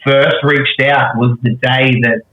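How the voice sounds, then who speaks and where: A man's voice: mid-range voice, little pitch movement, takes it slowly, roomy sound, dull audio. A man, a guest on a podcast, chatting casually in an easygoing, hesitant way. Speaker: guest, wrestling promoter. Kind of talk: casual chat.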